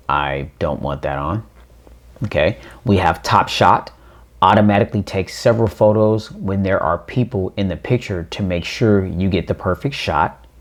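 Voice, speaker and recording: A man giving a casual unboxing walkthrough, reading on-screen prompts aloud and talking to viewers as ladies and gents. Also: low voice. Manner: reads on-screen prompts aloud, thinking out loud. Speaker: tech reviewer.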